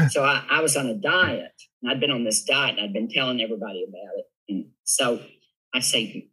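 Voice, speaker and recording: A man with a Southern US accent, a guest telling funny stories in a giggly, animated way. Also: medium pitch, moderate pace, breathy edge, low-quality recording. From Tennessee, USA. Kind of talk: casual storytelling interview.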